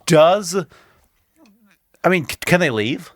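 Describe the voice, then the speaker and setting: A man's voice: a little high, lively intonation, slow pace, no room sound. A man co-hosting a casual podcast, blunt and jokey, swearing freely. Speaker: podcast co-host.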